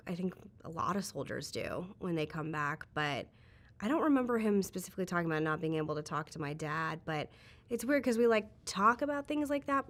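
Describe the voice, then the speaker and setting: Woman, low register, candid interview guest, reflective, filler-heavy. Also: a bit bright. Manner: chatty, frequent "like" fillers, reflective.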